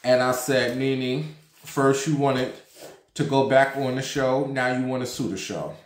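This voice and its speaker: A New York man hosts his own gossip vlog, chatting casually about celebrities in a sassy, campy, profane manner. His mid-range voice is fairly even in intonation and unhurried. The roomy, echoey home recording has a little hiss or hum.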